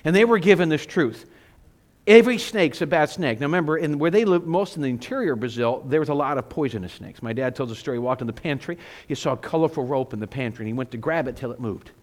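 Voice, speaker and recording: A middle-aged male pastor preaching a sermon, telling stories with animated, self-mocking humor. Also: fairly high pitch, quick pace.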